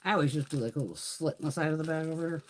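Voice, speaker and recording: A woman's voice: low voice, very fast, a little mellow, slight background noise. A middle-aged woman hosting a casual beauty livestream, chatty and swearing freely as she tells stories.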